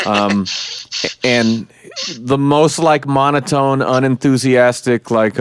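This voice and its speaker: A man's voice: mid-range voice, slow pace, smooth, no echo, clean studio sound. A man hosting a podcast in casual chat, rambling on and swearing freely. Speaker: podcast host.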